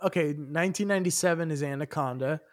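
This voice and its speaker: A man's voice: a little high, fast. A man co-hosting a casual movie podcast who asks lots of curious questions and fills his talk with "like". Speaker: podcast co-host.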